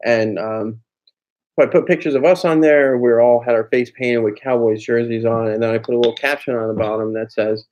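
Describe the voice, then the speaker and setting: A man's voice: mid-range voice, steady tone, a little fast, a little mellow. A middle-aged man vlogging in casual chat, joking in a sarcastic way. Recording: dull lo-fi camera mic.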